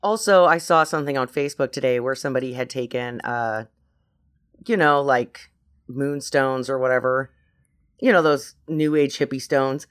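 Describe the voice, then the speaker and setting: A woman's voice: a bass voice, moderate pace. A woman co-hosting a casual movie podcast, telling amused, sarcastic stories. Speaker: podcast co-host. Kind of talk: casual movie-riffing chat.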